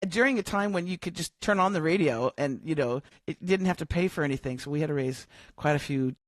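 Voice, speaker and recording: A woman's voice: deep voice, brisk, dry recording. A middle-aged woman who is a coach and podcast guest, telling a story in casual interview talk and acting out the dialogue as she goes. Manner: lively storyteller who acts out quoted dialogue. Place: home, living in Australia.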